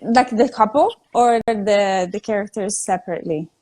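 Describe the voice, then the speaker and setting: A woman's voice: mid-range voice, moderate pace, a little mellow. A woman with an Italian accent, a native Italian speaker, chatting casually on a live stream, playful and self-deprecating. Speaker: actress.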